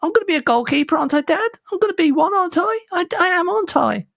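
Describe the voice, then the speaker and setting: A man's voice: lively intonation, fast talker, gravelly, a bit bright, full character voice. A man with a Leicester accent voicing a whiny, tearful little boy who keeps begging his dad. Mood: tearful whining. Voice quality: high squeaky pleading voice. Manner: whiny, repeating pleas.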